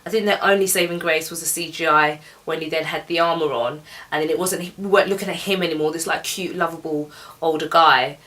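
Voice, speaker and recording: A woman's voice: sits low, steady tone, a little fast, hardly any pauses, sharp tone, far from the mic. A young woman giving a casual, chatty, opinionated film review, laughing as she goes.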